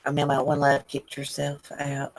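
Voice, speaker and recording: A woman's voice: rumbling low, monotone, normal speed, no echo, poor audio. A woman from Northern Virginia hosting a casual live stream, chatting and greeting viewers by name. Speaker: livestream host.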